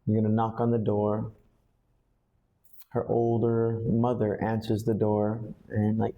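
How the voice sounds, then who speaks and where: A man, an English teacher, coaching a student through lines for a school play with slow, patient explanations. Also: on the low side, monotone, highs cut off.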